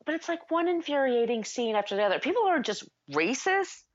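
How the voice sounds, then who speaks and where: A woman co-hosting a podcast in casual chat, animated and acting out scenes as she retells them. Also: high-pitched, brisk, highs cut off. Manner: animated, acts out movie characters with shouting. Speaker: podcast co-host.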